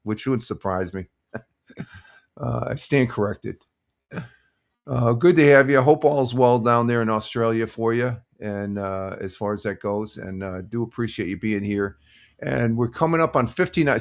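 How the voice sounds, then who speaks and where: An older man hosting a casual morning live stream, rambling through sports results and greeting viewers in the chat with many fillers. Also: mid-range voice. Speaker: livestream host.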